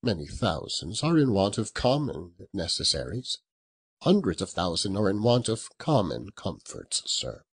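A man voicing a polite portly gentleman in a storybook reading, speaking low, quiet and courteous. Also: big pitch swings, measured pace, husky, exaggerated voice. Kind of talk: audiobook character voice.

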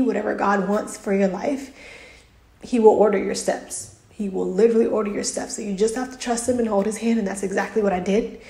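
A woman's voice: mid-range voice, gravelly, darkish tone. A woman vlogger chatting earnestly, telling a personal story in a casual, faith-filled way. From United States. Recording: roomy echo.

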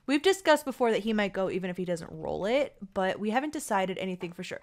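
Excitable woman narrating her gameplay. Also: medium pitch, brisk, hardly any pauses. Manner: excitable and chatty, pleading with the dice, cooing at characters. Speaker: gaming channel host. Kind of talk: casual let's-play commentary.

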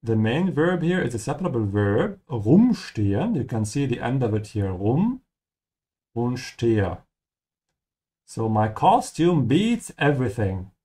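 A man teaching German through game dialogue, explaining each line in a friendly way and repeating key words slowly. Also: medium pitch, very animated, mellow.

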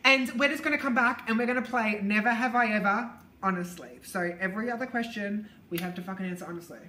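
A woman's voice: medium pitch, fast talker, pushed and bright. A young woman hosting a casual vlog with friends, bubbly and laughing, swearing freely as she chats. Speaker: YouTube vlogger host. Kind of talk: casual chatty intro with friends. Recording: echoey room.

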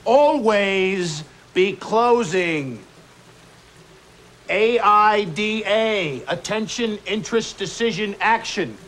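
A man's voice: sits high, measured pace, hardly any pauses, pushed and bright. An actor playing a blunt, hard-driving sales manager who drills slogans into his team. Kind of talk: comic pep talk to a sales team.

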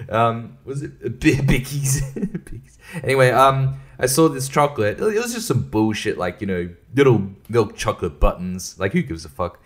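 A man with a mid-range, expressive voice hosts a casual solo podcast at normal speed. Short on sleep, he rambles, swears, and laughs often.

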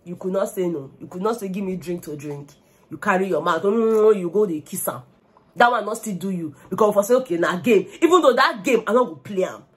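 A young woman with a Nigerian accent giving gossipy, animated commentary on a reality show, slipping into Pidgin. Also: mid-range voice, fairly quick. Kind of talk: casual vlog commentary.

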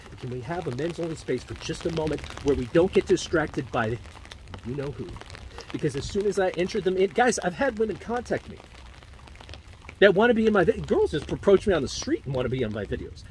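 A man's voice: fairly high pitch, sing-song, brisk, darkish tone, a little hiss or hum. A man rambling animatedly in a preachy commentary vlog, talking to a handheld phone while walking outdoors on a street. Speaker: vlogger and men's dating commentator.

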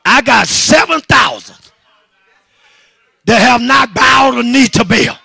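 High gravelly preacher, fervent. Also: male voice, lively intonation, takes it slowly, dry recording. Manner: fervent shouted preaching with repeated "my God" refrains; calls on the congregation to answer back. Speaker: pastor. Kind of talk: sermon.

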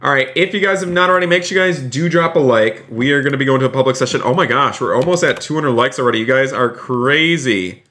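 A man live-streaming a roleplay game, excitedly narrating each move to his viewers and often repeating himself. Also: mid-range voice, fast, few pauses. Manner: repeats phrases, keeps saying "you guys".

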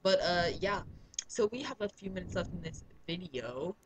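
A man's voice: sits high, lively intonation, moderate pace, over a noisy crowd, poor audio. A man co-hosting a let's play, chatting casually and laughing often as he comments on the game. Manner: giggly, rambling, jokey.

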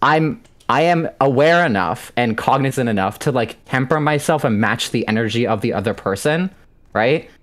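A man in his late twenties calls in for relationship advice. He rambles and stammers, restarts often, and swears freely. His voice sits at an ordinary middle pitch. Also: lively intonation, normal speed, a bit bright. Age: 20s. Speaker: caller. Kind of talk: call-in on a stream.

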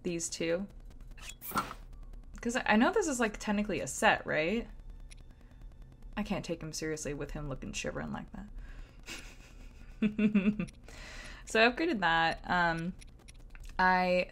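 Slow-talking Southern woman streamer. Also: on the low side, animated, fairly bright tone. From Southern United States. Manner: chatty and giggly, lots of "like" fillers. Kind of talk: casual gameplay commentary.

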